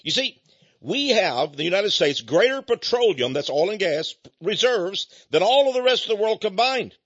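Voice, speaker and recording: An older man with a Texan accent, hosting a folksy, emphatic monologue that rises to loud peaks. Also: sits high, very animated, normal speed, breathy edge, dry recording. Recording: dull lo-fi recording.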